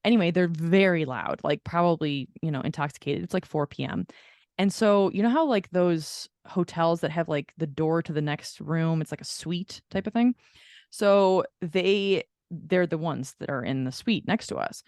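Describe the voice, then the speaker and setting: On a clean, dry studio recording, a woman with a voice on the low side talks at a moderate pace. As a podcast co-host, she spins a lengthy story in relaxed conversation, performing the voices of those she quotes.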